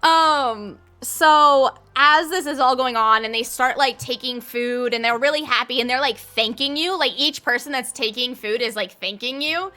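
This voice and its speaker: High, bright-voiced woman game master. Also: normal speed, few pauses. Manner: chatty, many filler "like"s. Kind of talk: narrating a tabletop game.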